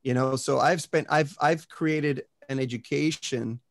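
A guest on a casual podcast, this man from Puerto Rico and the US has a gravelly, creaky voice at an ordinary male pitch, dry and close with no room sound. He speaks a little slowly but with a motivational speaker's drive, constantly checking in with listeners and sprinkling in "right?" and "you know."

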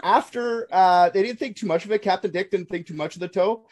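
A man's voice: sits high, a little fast, a little mellow. A man hosting a podcast, telling a story in a casual, jokey way and swearing freely.

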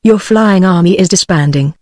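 Brave earthman sword fighter tts voice reading him, flat and dry. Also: medium pitch, moderate pace, no room sound, close to an everyday voice. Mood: triumphant. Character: bold male Earthman swordsman hero.

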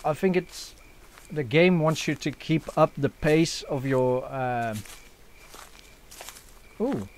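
A man's voice: on the high side, slow pace, long pauses. A young man hosting a let's play, joking around, swearing and using lots of fillers. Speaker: gaming channel host.

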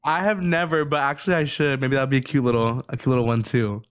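A man's voice: medium pitch, fairly even intonation, fast talker, clean tone. A man who is a guest on a podcast, talking casually in an ordinary mid-range voice. He answers in a sassy, blunt way. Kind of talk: casual chat.

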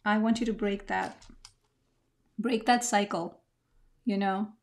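A woman's voice: medium pitch, fairly even intonation, takes it slowly. Reflective woman teaching mixed media art. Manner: reflective, searching for words, restarts. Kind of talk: craft tutorial narration.

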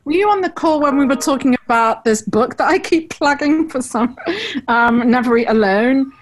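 A woman's voice: high voice, moderate pace, low-quality recording. A woman talent manager in casual conversation, frank and chatty, giving blunt advice. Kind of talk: casual video-call conversation.

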